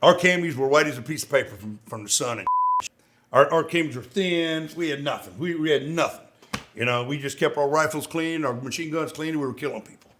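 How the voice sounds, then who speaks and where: A man's voice: on the high side, fairly quick, noisy background. A middle-aged man, a veteran co-host, telling war stories in casual chat and acting out the dialogue in a raised voice. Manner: animated, profane, acts out dialogue in raised voice. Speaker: podcast co-host, Marine veteran.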